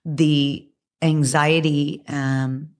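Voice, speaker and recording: Podcast guest, woman, low hoarse voice, lively storyteller. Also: very slow. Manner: animated, laughing, acts out quotes. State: hoarse from press junkets. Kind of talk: casual podcast interview.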